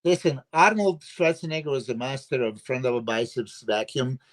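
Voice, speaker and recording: A man's voice: mid-range voice, animated, normal speed. A man with an emphatic, filler-heavy way of talking, giving his views as a guest coach in a casual podcast chat over a video call. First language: Serbian. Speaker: bodybuilding coach and guest analyst.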